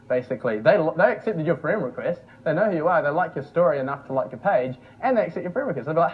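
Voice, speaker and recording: A man's voice: a little high, lively intonation, quick pace, husky. Jokey young man teaching casually. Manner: chatty, joking, laughs often. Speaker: workshop presenter. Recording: dull lo-fi recording.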